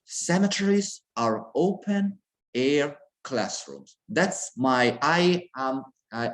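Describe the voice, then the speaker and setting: A middle-aged university lecturer with an Italian accent gives an earnest conference talk over a video call, frequently restarting his sentences. His voice is on the low side.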